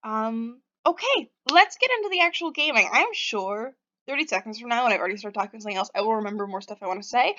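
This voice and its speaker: A woman's voice: on the high side, expressive, fast talker, sharp tone, lo-fi sound. A woman hosting a preview of her own game, chatting in a rambling, self-deprecating way and reading the narration. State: just woke up. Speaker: game developer and host.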